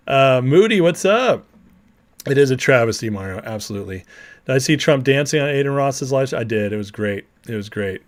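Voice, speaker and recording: A man's voice: medium pitch, lively intonation, brisk. A man hosting a live political commentary stream, blunt and combative, reading viewer chat and laughing along. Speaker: political livestream host.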